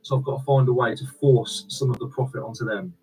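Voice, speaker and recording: A man's voice: medium pitch, steady tone, quick pace, warm tone, faint music behind, low-quality recording. A man chatting casually on a live stream, repeating himself and thanking viewers. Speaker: online reseller and streamer.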